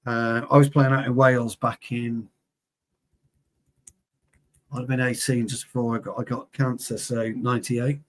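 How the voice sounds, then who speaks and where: A man's voice: medium pitch, moderate pace, long pauses. A man, a former player co-hosting a heated, sweary football chat and telling stories from his playing days. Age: 40s. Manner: sweary, animated, storytelling.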